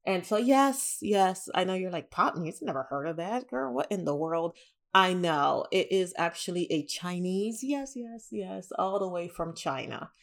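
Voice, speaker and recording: Animated woman telling a story. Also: fairly low pitch, measured pace, gravelly. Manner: animated, exasperated, lots of "you know" fillers. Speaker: vlogger. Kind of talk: casual storytelling vlog.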